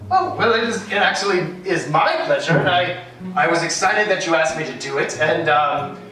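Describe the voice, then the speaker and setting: Guest spot: high-voiced man, self-deprecating rambler, distant mic in an echoey room. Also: lively intonation, moderate pace, pushed and bright. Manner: self-deprecating, wanders off on tangents. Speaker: street artist guest. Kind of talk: rambling interview chat.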